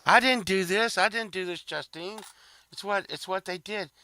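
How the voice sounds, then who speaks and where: A man voicing a rambling woman caller who tells a wild story in a breathless, higher voice. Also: normal speed, pushed and bright, no room sound. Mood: insistent.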